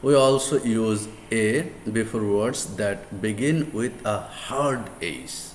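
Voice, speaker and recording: A Bangladeshi man with a Bengali first language gives a slow, drawn-out English grammar lecture. His voice sits on the lower side, and he repeats each word and example with deliberate emphasis. The room sounds echoey, with a faint hum of noise behind him.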